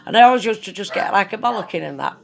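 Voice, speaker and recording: Gravelly blunt woman. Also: medium pitch, lively intonation, very fast, faint music behind. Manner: blunt, chatty, swears freely, heavy local slang. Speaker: vlogger. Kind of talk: casual storytelling monologue. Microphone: phone.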